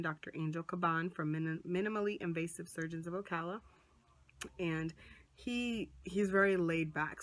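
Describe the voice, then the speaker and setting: A woman vlogger talks to a small camera or phone held close, her voice fairly low. She's chatty and animated, telling a casual story and acting out the voices of what others said.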